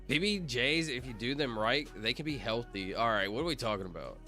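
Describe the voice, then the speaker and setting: A man's voice: mid-range voice, lively intonation, a little fast, sharp tone, faint music behind. A man casually chatting on a livestream, rambling and joking while reading viewer comments aloud. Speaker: streamer.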